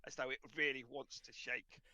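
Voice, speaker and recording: A man's voice: mid-range voice, flat delivery, moderate pace, sharp tone, poor audio. A man running a tabletop game as game master, narrating hesitantly with many fillers and restarts.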